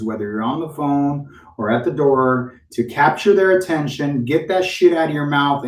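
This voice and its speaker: A man's voice: mid-range voice, roomy sound, distant mic. A man coaching real estate agents in a live-streamed training talk, speaking bluntly and cursing freely. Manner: blunt, profane, animated.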